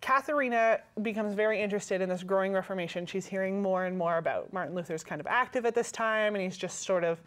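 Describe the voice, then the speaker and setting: A woman with a Canadian accent, co-hosting a casual chat and telling a story in a lively way, often checking in with her listeners. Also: mid-range voice, fast, hardly any pauses. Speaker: co-host.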